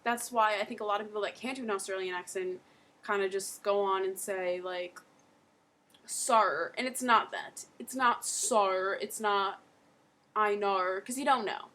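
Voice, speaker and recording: A woman's voice: medium pitch, a little fast, bright, forceful tone. A teenage girl giving a casual home video tutorial, chatty and rambling with lots of fillers. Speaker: accent tutorial host.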